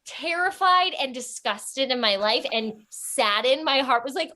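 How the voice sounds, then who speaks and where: A young woman tells a funny story in a bright, forceful voice pitched a little high. She acts out the people she quotes and jumps into sudden squeals. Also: animated, measured pace, few pauses. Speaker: storytelling guest. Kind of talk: casual comic storytelling.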